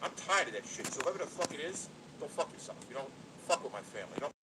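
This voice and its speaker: Middle-aged guy ranting on a livestream, cursing a lot, slightly high voice, lots of noise behind him. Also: lively intonation, fast. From New Jersey. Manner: blunt, profane, repetitive. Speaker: YouTuber. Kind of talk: livestream rant to viewers.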